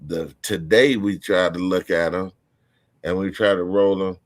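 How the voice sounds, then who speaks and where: Low-voiced man rambling through a story. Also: fairly even intonation, unhurried, dry recording. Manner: rambling, profane, restarts mid-sentence. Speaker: guest storyteller. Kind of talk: casual podcast storytelling.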